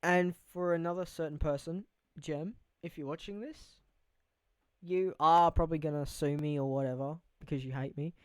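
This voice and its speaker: A man's voice: a little high, steady tone, moderate pace, smooth, dry recording, low-quality recording. A young man hosting a casual podcast, rambling loosely and swearing freely. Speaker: podcast host. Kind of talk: casual chat.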